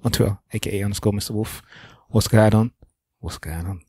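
A man's voice: fairly low pitch, brisk, mellow, slightly rough, no echo, clean studio sound. A man co-hosting a podcast in casual chat, laid-back and drawling. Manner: laid-back, drawling, says yes repeatedly. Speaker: podcast co-host.

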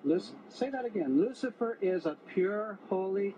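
A man's voice: high voice, animated, moderate pace. A man questioning and challenging someone about his faith as a street evangelist, in a pressing way. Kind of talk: confrontational questioning. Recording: muffled with faint noise.

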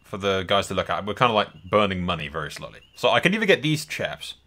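A man's voice: sits low, big pitch swings, quick pace, bright, forceful tone. A man doing casual let's-play commentary, thinking aloud and swearing often. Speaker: gameplay host.

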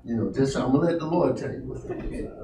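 A man, a pastor, teaching his congregation how to study scripture, animated and encouraging as he calls on people. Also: medium pitch, fast. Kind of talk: interactive Bible teaching. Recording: roomy church room, mic at a distance, faint noise.

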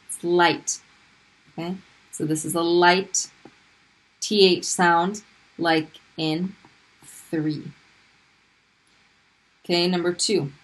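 A woman's voice: fairly low pitch, low-quality recording. A woman teaching Arabic pronunciation in a recorded video lesson, patiently repeating each sound for drilling.

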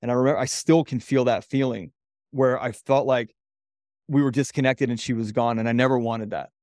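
A man's voice: medium pitch, fairly even intonation, a little fast, a little mellow, dry recording. Candid man telling his story, dry sound. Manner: loose, rambling, with many "like" fillers; earnest and openly emotional. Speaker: podcast guest, men's coach.

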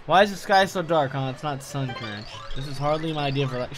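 A young man streaming a video game, reacting with excitable, profane commentary and talking back at the screen. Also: fairly high pitch, fairly quick, few pauses. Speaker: gaming streamer. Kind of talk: casual live-stream gameplay commentary. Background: game music.

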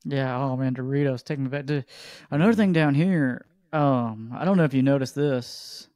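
A man, hosting a casual podcast chat and telling rambling, animated stories. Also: medium pitch, normal speed, no room sound, clean studio sound. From Georgia, USA. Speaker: podcast host.

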